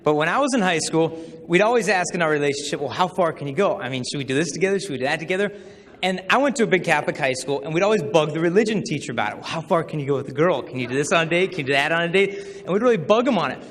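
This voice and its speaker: Lively young man telling stories in a hall. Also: on the high side, rapid-fire. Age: 20s. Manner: animated, acts out quoted voices. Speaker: chastity speaker. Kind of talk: humorous storytelling talk. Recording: hall reverb with faint noise.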